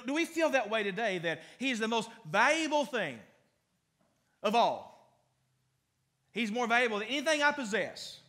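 A man's voice: high voice, pushed and bright. A man pastor preaching a conversational sermon in a church, with frequent restarts and fillers. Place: church sanctuary.

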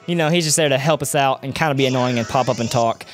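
A man's voice: medium pitch, fast talker, faint music behind. A young man doing let's-play commentary, chatty and rambling, often drifting off on tangents. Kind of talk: video game commentary.

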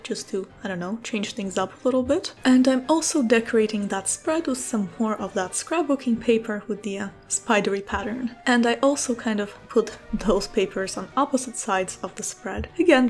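A woman casually narrating a voice-over for her journaling vlog, easygoing and soft-spoken with frequent fillers. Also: on the high side. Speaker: bullet journal vlogger.

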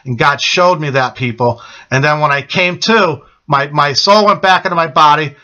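Middle-aged man, bright forceful voice, urgent repetitive religious testimony. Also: on the high side, normal speed, lo-fi sound. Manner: urgent, repetitive, keeps asking "okay?". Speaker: testimony speaker.

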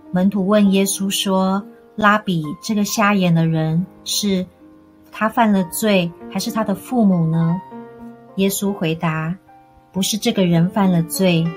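A woman giving a calm, earnest closing reflection that quotes scripture. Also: mid-range voice. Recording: guitar music behind.

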